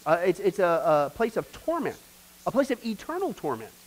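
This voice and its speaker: A man's voice: sits high, big pitch swings, moderate pace, poor audio. A man teaching a church discipleship class in an emphatic preaching style, repeating phrases and talking straight to the group. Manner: emphatic, repetitive, addresses the class directly.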